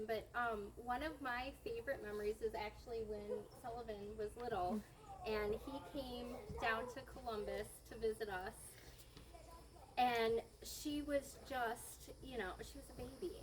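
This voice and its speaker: A middle-aged woman shares fond family stories at a gathering, chatty and quick to laugh as she wanders between memories. Her voice sits a touch high, and steady noise hums beneath her in the recording. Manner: chatty, laughs often, rambling storytelling. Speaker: family member giving a tribute. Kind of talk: heartfelt spoken tribute at a family gathering. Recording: noisy background.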